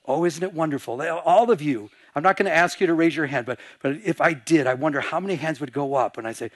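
A man with a fairly high voice preaches with animation, dropping into hushed voices as he acts out little scenes. The sound is dry and close, with no room around it. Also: fast talker, hardly any pauses, breathy edge, no room sound. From Michigan. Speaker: pastor. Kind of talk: sermon.

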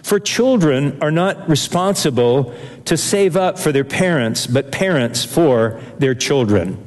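An older male pastor preaching a sermon to his congregation. His voice sits somewhat high and carries an earnest, animated energy, broken by fillers and restarts. The sound rings with the long reverb of a large hall. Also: a little slow.

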